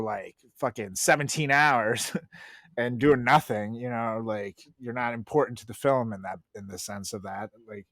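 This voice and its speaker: A man's voice: mid-range voice, a bit bright, dry recording, clean studio sound. A man co-hosting a podcast, chatting casually, rambling, laughing often and swearing freely. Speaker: podcast co-host. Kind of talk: casual chat.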